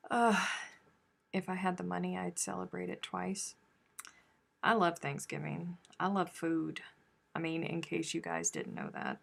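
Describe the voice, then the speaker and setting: Gravelly low-voiced woman chatting on a live stream. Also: a little slow. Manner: chatty, reads and answers viewer chat; animated, bursts into loud exclamations. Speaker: crochet live-stream host. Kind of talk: casual live-stream chat.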